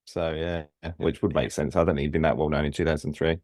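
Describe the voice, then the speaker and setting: A man with a very deep voice talks in a relaxed, easygoing way, filling in with frequent agreement. The recording is dry with no room sound. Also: brisk, dry recording. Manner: easygoing, says "yeah" a lot. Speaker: podcast co-host. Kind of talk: casual film discussion.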